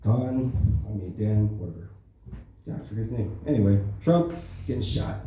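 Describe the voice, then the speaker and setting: A man's voice: fairly low pitch, animated, normal speed, far from the mic, background noise. A man doing an open-mic stand-up set in a comedy club, talking loosely and offhand with lots of "right?" and "you know". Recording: echoey club recorded from afar.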